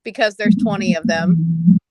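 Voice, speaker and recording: Slow-talking woman, giggly joke teller. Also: lowish voice, fairly even intonation, dry recording, dull audio. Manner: bursts of laughter, playful heckling. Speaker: panel participant. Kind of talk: casual joke telling.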